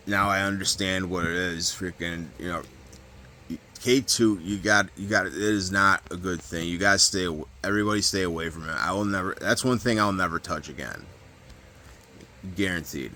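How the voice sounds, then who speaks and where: A man with a deep, low-pitched voice and a bright, forceful edge tells a story in a loose, casual monologue. He rambles, restarts his sentences and leans on fillers and swearing throughout. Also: slight background noise. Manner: rambling, heavy fillers and profanity, frequent restarts. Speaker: vlogger recounting prison stories.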